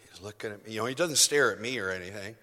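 A man preaches a sermon in a bright, forceful voice, telling his story and then building to emphatic declarations. His words ring with long reverb through a church hall. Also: fairly low pitch, very fast.

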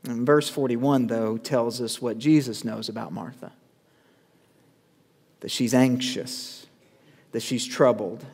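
A male pastor preaching a sermon, measured with dramatic pauses, building to urgent calls. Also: mid-range voice, creaky, a little mellow, slightly rough. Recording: long reverb of a church hall.

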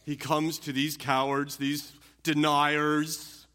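A man preaching an earnest sermon, often restarting phrases and moving between quiet and emphatic passages. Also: on the high side, level tone, takes it slowly. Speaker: pastor.

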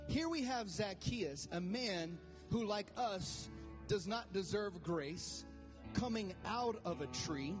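A man's voice: sits high, animated, slow, long reverb tail, over music. A man preaching a sermon as pastor, conversational at first and then rising to fervent calls to the congregation.

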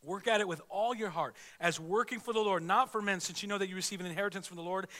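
Man preaching, high voice, earnest and conversational, long hall reverb. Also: fast talker, sharp tone. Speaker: pastor. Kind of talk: sermon.

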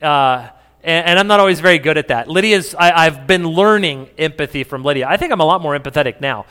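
Bright-voiced pastor in an echoey hall. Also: male voice, on the high side, a little fast, clear, resonant tone. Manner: conversational, joking with the congregation. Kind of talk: sermon.

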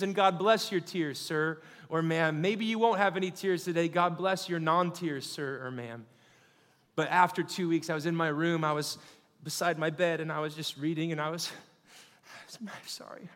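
Man, preacher, high voice, fervent call-and-response sermon, church hall echo. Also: a bit bright.

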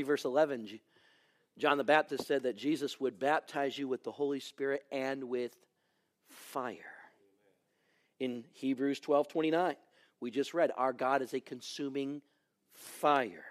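A man preaching a sermon, telling stories dramatically and swinging from raised exclamations to hushed near-whispers. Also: medium pitch, normal speed.

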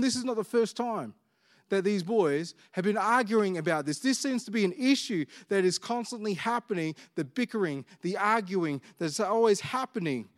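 Aussie pastor guy, higher voice, chatty sermon, reads the bible then acts out the bits. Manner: conversational, acts out disciples' bickering. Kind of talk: sermon with scripture reading.

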